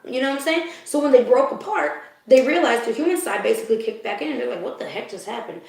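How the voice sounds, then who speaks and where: A woman's voice: a little high, animated, quick pace, creaky. Emotional woman reading cards in an echoey room. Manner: emotional, confiding, laughs often; keeps checking in with the listener. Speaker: spiritual reader. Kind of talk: live card reading to viewers.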